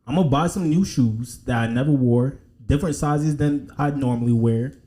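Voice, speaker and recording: A man's voice: mid-range voice, normal speed, warm tone. A man hosting a podcast, chatting casually and joking with his cohosts. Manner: joking, laid-back banter. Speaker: podcast host. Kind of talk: casual chat.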